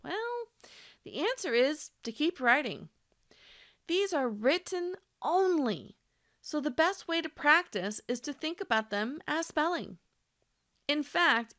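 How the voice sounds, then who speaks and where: Lively bright-voiced woman teaching a lesson. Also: high voice. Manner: clear, deliberate, slows to model example words. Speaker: language teacher. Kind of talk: scripted instructional narration.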